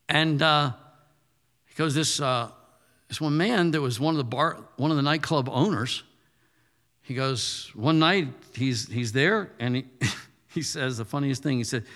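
Bright-voiced man preaching, hall echo. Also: medium pitch. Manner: conversational, punchy, rising to forceful declarations. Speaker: pastor. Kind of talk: sermon.

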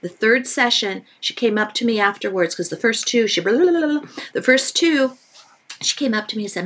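A woman author who is a guest on a parenting podcast, telling lively stories and repeating points for emphasis. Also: fairly high pitch, fairly quick. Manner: animated storytelling with emphatic repetition. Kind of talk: podcast interview.

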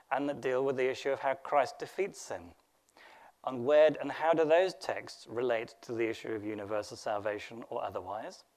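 Male lecturer, mid-pitched voice, reflective, asks rhetorical questions, and often repeats words as he thinks aloud. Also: a little mellow. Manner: thoughtful, rhetorical questions, frequent restarts. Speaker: theology lecturer.

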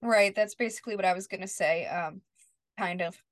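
A woman's voice: medium pitch, a little fast, no echo. A woman co-hosting a podcast, casually recapping a TV episode and quoting the characters as she goes. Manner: retells scenes, quoting characters. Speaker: podcast co-host.

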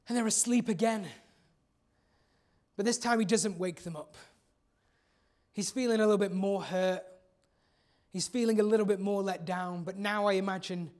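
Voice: medium pitch, a little mellow. A preacher giving a sermon in an earnest, conversational way, repeating key phrases for emphasis.

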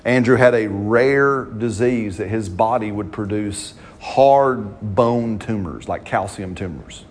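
A man's voice: on the low side, slow pace. A man, preaching a sermon as pastor, talking to the congregation in a conversational way and often checking in with "right?".

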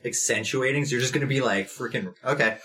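A man's voice: mid-range voice, fast talker, sharp tone. An enthusiastic, joking man playing in a casual tabletop game. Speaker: player.

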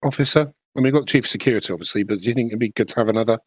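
A man's voice: medium pitch, very fast, no room sound. A man playing in a tabletop game, helpfully suggesting ideas in casual chat over a voice call. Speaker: player.

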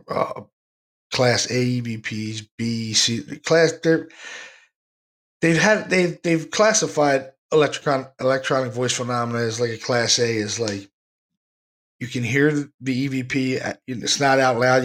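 A man hosting a paranormal talk show, rambling in a casual, enthusiastic way and often repeating himself. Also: mid-range voice. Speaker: paranormal podcast host.

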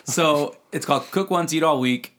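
A man's voice: fairly high pitch, moderate pace, background noise. A man co-hosting a casual podcast, joking and telling long personal anecdotes as a parent of young kids. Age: adult parent of young children. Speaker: podcast co-host and client. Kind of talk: casual chat.

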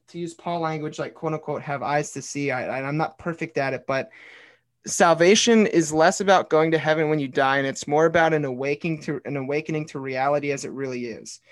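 A man's fairly high voice moves at a moderate pace as he earnestly reads his own journal aloud during a relaxed podcast chat. Once a pastor and now a bartender, he tells a personal story, swearing here and there and using "dude" and "like."

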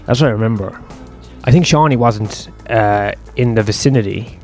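A man's voice: on the low side, moderate pace, a little mellow, soft background music. Rambling, profane young man. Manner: profane, rambling, self-deprecating. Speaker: host. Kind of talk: rambling personal storytelling.

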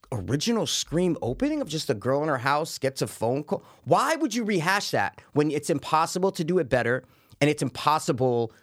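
A man in his thirties, co-hosting a casual movie discussion, ranting with animated swearing. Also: a little high. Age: 30s. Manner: animated, swearing, fast-building rants. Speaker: podcast co-host.

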